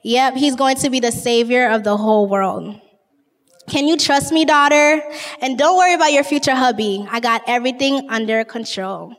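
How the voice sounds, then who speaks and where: Gentle reassuring God, as a woman puts him on. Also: on the high side, moderate pace, big-room sound, close to an everyday voice. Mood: tender. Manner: tender, reassuring, playful. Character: gentle loving male God speaking to Mary.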